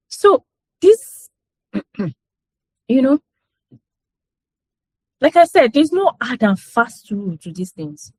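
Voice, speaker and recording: A woman with a somewhat high voice talks in a loose, conversational way, repeating herself and checking that her listeners follow along. She laughs easily as she tells stories. The sound is dry and close, with no room around it. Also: sing-song, slow, pauses often, mellow, slightly rough, dry recording. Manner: conversational, repeats herself, frequent "you know" and "do you understand"; laughs often while telling stories. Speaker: parent speaker in a parenting session. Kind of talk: casual talk to a group.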